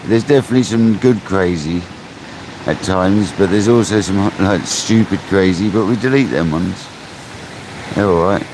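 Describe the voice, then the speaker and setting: Laid-back man, fairly deep voice, chatting to his live viewers from a noisy beach with waves crashing behind. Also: normal speed. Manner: chatty, laid-back, laughs often, calls viewers mate. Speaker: fishing live-streamer. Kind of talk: casual live-stream chat with viewers. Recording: outdoor mic with loud surf noise. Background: ocean waves.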